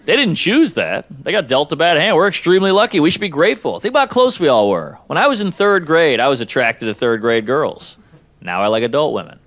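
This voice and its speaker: A man's voice: a little high, fairly quick. A man in his thirties from the United States performing a stand-up comedy set, telling stories and putting on voices for the jokes. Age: 30s. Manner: lively storytelling with put-on voices for jokes.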